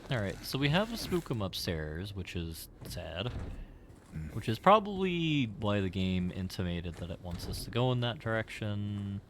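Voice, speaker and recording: A man's voice: fairly low pitch, very animated, normal speed, slight background noise. A man streaming a game, giving casual commentary in a wry, rambling way.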